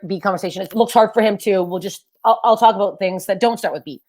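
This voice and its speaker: A young woman with a low, deep voice, performing a loud, energetic, self-deprecating stand-up set over a webcam. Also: fast talker. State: sweaty and overheated. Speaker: stand-up comedian. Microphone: webcam for a virtual show.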